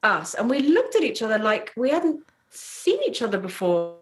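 A middle-aged woman from Trinidad, a podcast guest telling a personal story in a lively way, laughing often and acting out what people said. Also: on the high side, moderate pace. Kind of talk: storytelling in casual chat.

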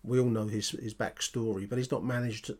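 A man hosting a football podcast, responding to listener voicemails in a measured, thoughtful way. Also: on the low side, fairly even intonation. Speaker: podcast host. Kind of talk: podcast commentary.

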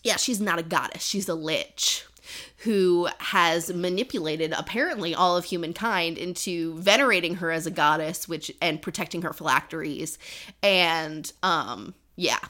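Bright-voiced young woman chatting casually. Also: fairly low pitch, moderate pace. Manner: animated retelling with many fillers and "like". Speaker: podcast co-host. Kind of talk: casual book-review chat.

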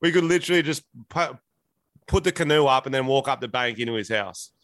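A man's voice: mid-range voice, expressive, brisk, a bit bright, dry recording. An Australian man chatting casually on a remote call from home, laid-back and swearing often. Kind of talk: casual chat.

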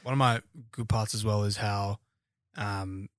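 Young man, lowish voice, dry sound, chatty podcast guest. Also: steady tone, measured pace, smooth, dry recording. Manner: chatty, shares fun facts. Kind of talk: casual chat.

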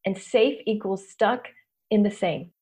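A woman hosting a casual interview, teaching lively and acting out the voices in people's heads. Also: medium pitch, a little slow. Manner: animated, acts out inner voices. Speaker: host, coach.

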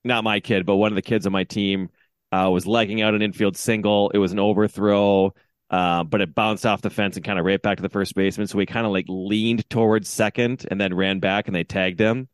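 A man in his thirties, a podcast co-host, telling an animated story in casual chat and acting out his shouting at a game. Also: fairly low pitch, brisk, clear, resonant tone, no room sound, clean studio sound.

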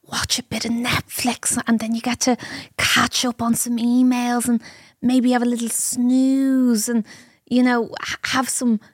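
Teasing woman, higher voice. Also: little pitch movement, no room sound, studio quality. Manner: teasing, quick reactions. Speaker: podcast co-host. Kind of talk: casual chat.

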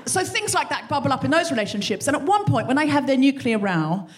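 Woman, high-pitched, podcast host, live comic monologue, animated, swears a lot, stage mic. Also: fast. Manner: animated, sweary, acts out quoted voices.

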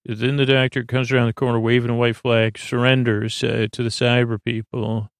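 A man's voice: medium pitch, level tone, moderate pace, no room sound, clean studio sound. A man hosting a sleep podcast, retelling an episode in a meandering way, full of "uh" and "he goes". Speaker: podcast host. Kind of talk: rambling episode recap for sleep.

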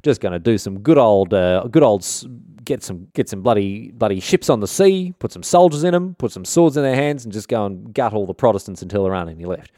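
A man's voice: fairly low pitch, lively intonation, a little fast, dark tone, no room sound, clean studio sound, lightly acted. A man voicing a scheming, blustering king in a comic retelling, with a swaggering, slangy way of talking. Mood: cocky scheming. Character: brash blustering Spanish king, a scheming middle-aged man.

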